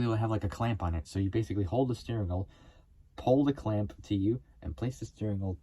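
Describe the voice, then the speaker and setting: A man's voice: on the low side, warm tone, dry recording. A man hosting a car video, talking casually to camera in a rambling way, full of fillers and restarts.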